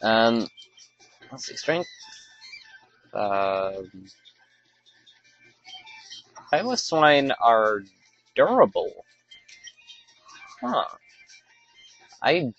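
A man's voice: mid-range voice, huge pitch swings, extremely slow, pauses often. A man chats offhandedly over a video game he is playing, trailing off and restarting his sentences as he goes. The recording sounds dull and lo-fi, with faint game music underneath. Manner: rambling, self-correcting, offhand. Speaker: let's play commentator. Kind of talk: casual gameplay commentary.

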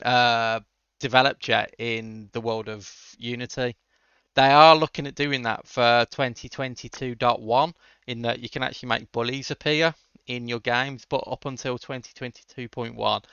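A man's voice: mid-range voice, steady tone, moderate pace, vocal fry, fairly bright tone, clean tone, no room sound, lo-fi sound. A man hosting a casual coding livestream, answering chat questions with dry jokes. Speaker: livestream host.

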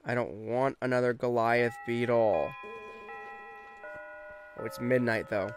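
A young man hosting a let's play, chatting casually and getting quickly frustrated, mocking himself as he goes. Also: mid-range voice, fairly even intonation, over music. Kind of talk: casual gameplay commentary.

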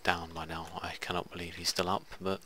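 A man with a low, pushed, bright voice talks a little fast in a completely flat delivery, with slight background noise. As a gaming video host, he gives rambling, casual let's-play commentary on a strategy game, muttering asides to himself.

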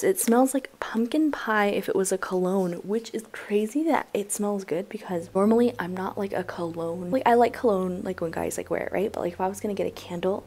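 A woman's voice: mid-range voice, breathy edge. Young female vlogger, casual unboxing chat, gushing and chatty, mid-range voice. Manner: excitable, gushing, says "like" often.

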